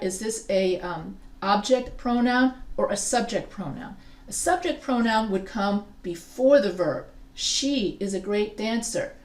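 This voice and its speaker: A woman's voice: mid-range voice, darkish tone. Woman teaching grammar in an echoey room. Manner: explains step by step, quizzes students. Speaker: writing instructor. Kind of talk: live grammar lesson. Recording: echoey classroom from a distance.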